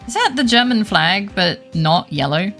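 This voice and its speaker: A woman's voice: medium pitch, very animated, a little slow, vocal fry, fairly bright tone, faint music behind. A woman streamer giving casual, joking commentary and reading game dialogue aloud, often swearing and laughing.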